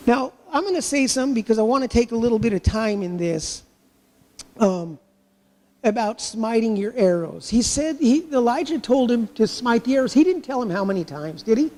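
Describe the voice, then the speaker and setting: A man with a strikingly high voice delivers a sermon as pastor, leaning on rhetorical questions and playing out people's inner thoughts. His voice rings through a church with a long, trailing reverb. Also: animated, normal speed, dark tone.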